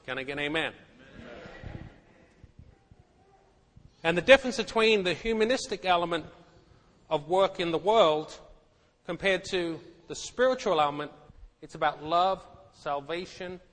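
High-voiced preacher in an echoey hall. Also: male voice, normal speed, long pauses, a bit bright. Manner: emphatic, repeats words, asks the congregation questions. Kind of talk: sermon.

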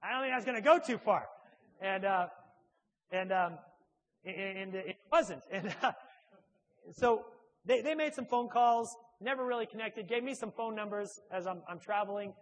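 Male church speaker, fairly high voice, halting, self-mocking storyteller. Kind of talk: humorous personal anecdote.

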